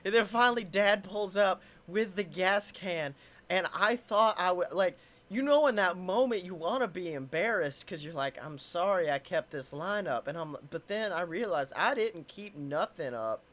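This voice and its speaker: Bright, animated young man telling stories. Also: high-pitched, normal speed. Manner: animated storytelling, mimics people, swears and laughs a lot. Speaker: podcast co-host. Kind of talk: casual chat.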